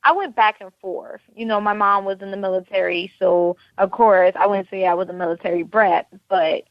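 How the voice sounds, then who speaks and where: A woman's voice: mid-range voice, normal speed, no echo, lo-fi sound. A woman from the Carolinas, a fashion designer guest, answering in an easygoing way with many "you know"s. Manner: easygoing, filler-heavy talk with lots of "you know". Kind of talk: casual interview answers.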